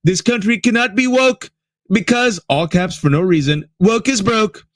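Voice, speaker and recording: A man's voice: high-pitched, normal speed, no room sound, studio quality, voice pushed up, lightly acted. A man doing a mocking impression of a blustering, boastful older male president, with exaggerated emphasis.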